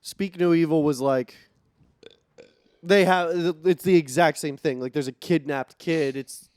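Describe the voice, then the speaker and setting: Male co-host, relaxed and easy to amuse, slightly higher voice, dry studio sound. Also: a little slow, smooth, no echo. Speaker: podcast co-host. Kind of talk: casual chat.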